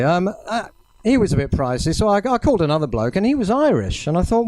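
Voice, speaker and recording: A man's voice: high voice, big pitch swings, a little fast, darkish tone. A man doing a self-deprecating stand-up set, full of ums. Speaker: stand-up comedian. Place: small cafe venue, indoors.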